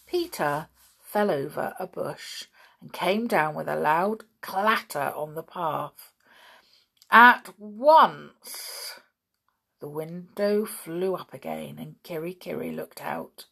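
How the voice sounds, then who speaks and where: A woman reads a children's storybook aloud, gentle and expressive. Her voice is lowish and gravelly, with a slow, unhurried pace.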